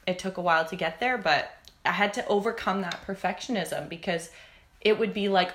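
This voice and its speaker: A young woman nail technician chatting on a podcast, telling stories and acting out what people said with lively, animated quotes. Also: fairly low pitch, moderate pace. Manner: chatty storyteller, acts out quotes with lively voices. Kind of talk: casual podcast chat.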